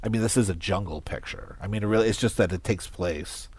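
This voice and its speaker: A man with a fairly low voice co-hosts a film podcast in casual chat. He is relaxed as he passes on bits of trivia he found. The sound is close and dry. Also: fast, slightly rough, no echo. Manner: relaxed, relays trivia he looked up. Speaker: podcast co-host. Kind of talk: casual movie discussion.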